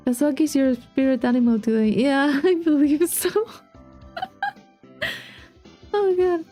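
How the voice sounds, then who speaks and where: A woman's voice: sits high, measured pace, warm tone. A young woman streaming a game, chatting in a giggly, rambling way. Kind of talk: casual let's-play commentary. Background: faint game music.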